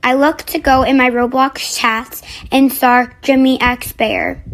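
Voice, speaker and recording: A woman with a slightly high voice tells a story in a plain, matter-of-fact way. Clear background noise runs under the recording. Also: fairly even intonation, measured pace, rough recording. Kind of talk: casual storytime.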